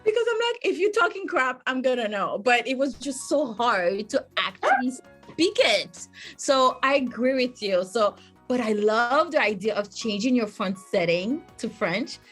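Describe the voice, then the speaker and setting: A woman hosting an interview, telling a story in an animated way and laughing a lot. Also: a little high, measured pace, soft background music. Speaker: interview host. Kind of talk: casual interview conversation.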